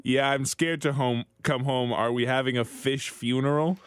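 A man's voice: medium pitch, steady tone, moderate pace, smooth, dry recording, clean studio sound, natural voice. Man reading a sheepish grown-up kid. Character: sheepish young adult child of the mother.

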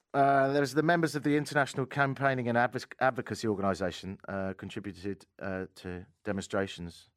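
A male radio host with a lively, swinging delivery, teasing and joking through casual studio banter. His voice is dry and close to the mic, with no room around it. He keeps a cheeky, playful tone the whole way through. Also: lowish voice, no echo. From England. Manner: cheeky, jokey, animated. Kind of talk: casual comedic radio chat. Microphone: studio microphone.

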